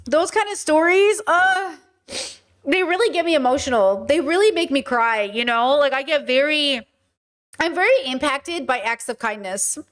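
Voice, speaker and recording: A woman's voice: high voice, lively intonation, moderate pace, a bit bright. A young woman hosting a live stream, chatting casually and emotionally with her viewers, rambling with lots of fillers. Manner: rambling, emotional, talks to chat, many fillers. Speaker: podcast host streaming live.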